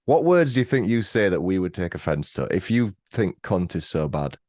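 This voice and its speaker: A British man in his thirties with a low voice that swings widely in pitch. He speaks bluntly and teases, swearing with ease, recorded dry and close. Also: big pitch swings, brisk, a little mellow, dry recording. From Britain. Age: 30s. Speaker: podcast guest. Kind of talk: casual chat.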